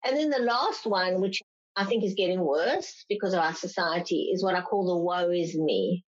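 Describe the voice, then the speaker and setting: A woman's voice: on the low side, normal speed. A woman clinical psychologist answering interview questions, explaining patiently and sometimes acting out parents' complaints in a raised voice. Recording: slightly dull lo-fi sound.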